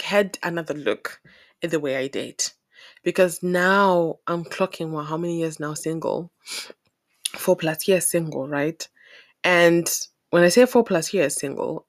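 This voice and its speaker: This young woman from Zimbabwe has a deep voice. A vlogger, she addresses the camera in an informal monologue full of opinions, animated and fed up, breaking into laughter frequently.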